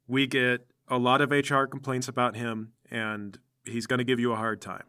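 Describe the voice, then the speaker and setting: A man voicing a friendly, down-to-earth male superhero who leads a small team, speaking in a relaxed, reassuring and chatty way. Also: mid-range voice, moderate pace, clear, resonant tone, lightly acted. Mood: easygoing.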